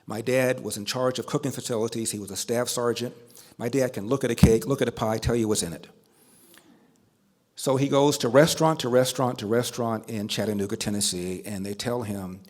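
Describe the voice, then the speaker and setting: A man's voice: fairly low pitch, steady tone, a little fast, darkish tone. An older man giving a storytelling speech at a banquet, building emphasis through repetition. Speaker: speaker at a banquet.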